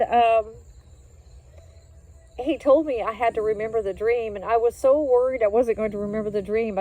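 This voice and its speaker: A woman's voice: fairly high pitch, a little mellow, poor audio. Earnest woman filming a phone vlog outdoors. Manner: earnest, rambling, emotional, with frequent fillers. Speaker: vlogger sharing a dream. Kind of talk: casual testimony to camera. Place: outdoors walking her dog in town.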